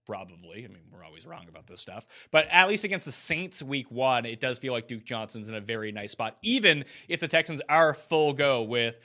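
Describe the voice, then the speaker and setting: A man's voice: mid-range voice, expressive, fairly quick, hardly any pauses, pushed and bright. A man co-hosting a casual sports podcast, talking loosely and leaning on "like" a lot. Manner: loose and chatty, full of "like". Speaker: podcast co-host.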